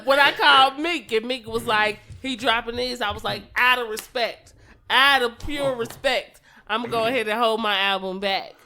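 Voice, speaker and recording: Giggly woman with a higher voice. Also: a bit bright, a little hiss or hum. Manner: giggly, playful storytelling. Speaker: podcast co-host. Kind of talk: casual chat.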